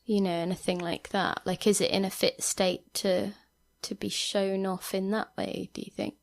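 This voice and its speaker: A woman's voice: medium pitch, little pitch movement, normal speed, vocal fry. A woman co-hosting a gaming podcast, talking in a giggly, teasing way. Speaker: podcast co-host. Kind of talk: casual chat.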